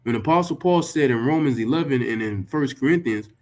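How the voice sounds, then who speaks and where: A man's voice: mid-range voice, lively intonation, fairly quick, darkish tone. A man rebutting a text he reads aloud, talking emphatically, swearing freely and firing off rhetorical questions. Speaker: religious commentator. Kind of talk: reacting to and rebutting a written text.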